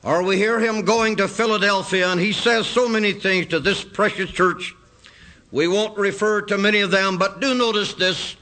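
A man preaching a sermon, reading scripture aloud in an earnest, measured cadence. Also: high voice, fairly even intonation, bright, forceful tone, rough recording.

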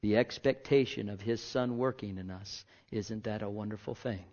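A man preaching a sermon as pastor, swinging between loud declarations and hushed asides and pressing the listeners with rhetorical questions. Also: on the low side, normal speed. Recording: dull lo-fi recording.

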